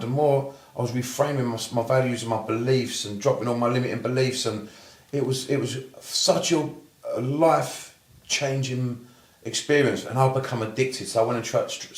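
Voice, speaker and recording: A blunt Cockney man who swears constantly, a therapist recounting his path in a relaxed interview. He talks at a quick clip, words tumbling out. The recording carries a roomy echo. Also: mid-range voice. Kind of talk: casual interview storytelling.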